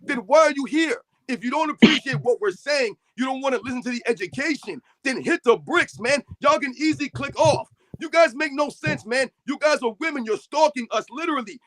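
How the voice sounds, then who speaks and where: A man hosting a sports talk live stream, yelling a confrontational rant at critics in the chat. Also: very high voice, no room sound, rough recording.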